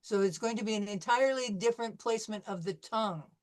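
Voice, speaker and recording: A woman's voice: medium pitch, quick pace. A woman teaching French in a class lecture, explaining patiently and often checking in with "okay?". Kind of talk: online language class lecture.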